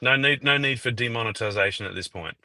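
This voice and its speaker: Aussie guy cracking deadpan jokes, bright voice, dry close sound. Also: medium pitch, fast, no echo. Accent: Australian. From Melbourne, Australia. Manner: joking, teasing, deadpan asides. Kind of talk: casual livestream banter.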